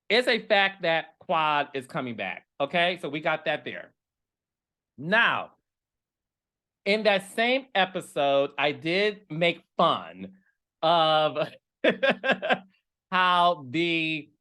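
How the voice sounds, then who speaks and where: A man's voice: fairly high pitch, sharp tone. A man hosting a podcast in casual commentary, talking in a sassy, emphatic way and often tagging his points with "okay?" and "honey". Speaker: podcast host.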